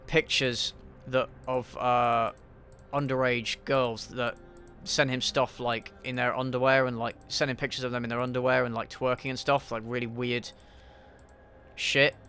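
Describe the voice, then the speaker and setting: A man chats through a laid-back livestream Q&A while gaming, answering viewers bluntly and swearing freely. His voice is bright and forward, and he keeps stalling on ums and restarts. Soft music plays behind him. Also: mid-range voice. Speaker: YouTube channel host answering viewer questions.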